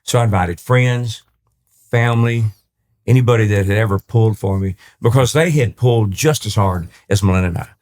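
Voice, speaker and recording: He's a country singer from East Texas, an older man guesting on a casual podcast, and he tells his tales with brisk energy in a fairly low voice. He voices the characters' lines himself and restarts his phrasing often.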